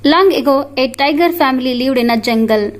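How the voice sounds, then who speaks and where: A woman with an Indian English accent reading a short text aloud to children in a steady, deliberate voice. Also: high-pitched. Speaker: reader of the lesson.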